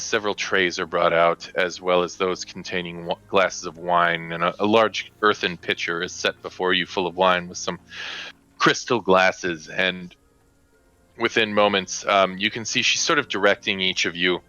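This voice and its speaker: Deep-voiced male game master, bright tone. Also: fairly even intonation, normal speed, smooth, dull audio. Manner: rambling, with many fillers and swearing. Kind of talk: narrating a tabletop game.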